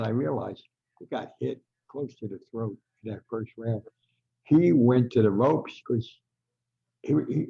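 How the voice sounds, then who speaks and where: An aging American writer with years behind him shares rambling anecdotes on a podcast, repeatedly restarting as he goes. His voice sits mid-range and comes across gravelly and husky. The sound quality is dull.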